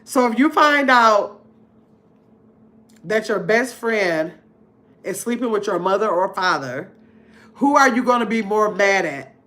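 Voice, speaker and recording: Her mid-range voice is fairly bright and expressive, unhurried, with long pauses. A middle-aged livestream host running a casual game night, she reads viewers' comments aloud, chats with a laugh, and talks directly to those watching.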